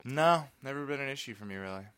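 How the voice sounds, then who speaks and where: A man's voice: mid-range voice, expressive, fast talker, crowd noise. A man chatting casually on a podcast, laid-back and hesitant, with lots of fillers. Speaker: podcast regular. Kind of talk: casual chat.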